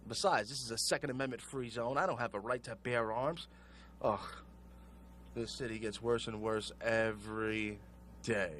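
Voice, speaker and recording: A man's voice: medium pitch, steady tone, moderate pace, a bit bright, a little hiss or hum. A man hosting a call-in radio show, ranting sarcastically and sounding exasperated. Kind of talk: call-in talk radio rant.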